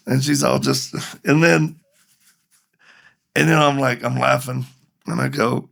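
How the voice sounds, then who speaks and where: A man's voice: medium pitch, fairly even intonation, measured pace, gravelly, long pauses, fairly bright tone. A middle-aged man, a ministry leader and podcast guest, telling a story animatedly, acting out both sides of the dialogue.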